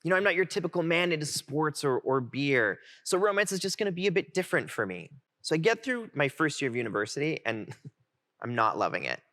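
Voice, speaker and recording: A man in his twenties giving a heartfelt keynote, telling his own story in an animated way. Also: fairly high pitch, fairly quick. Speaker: keynote speaker. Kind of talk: personal storytelling talk. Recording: music playing underneath.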